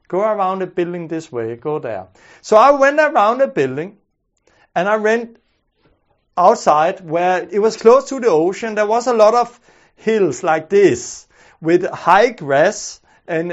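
A preacher with a high voice tells his testimony as a story, earnest and halting, restarting often and repeating words. The recording is muffled and lo-fi.

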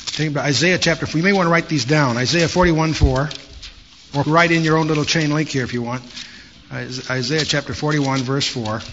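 A man's voice: a little high, fairly quick. A man teaching a Bible study in a conversational way, with storytelling asides. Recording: dull lo-fi sound with faint hiss.

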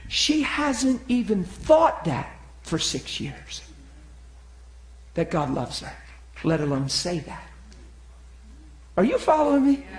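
In an echoey room, a high-voiced man preaches a sermon built on stories, acting out the voices of the characters. He swings between loud outbursts and hushed tones.

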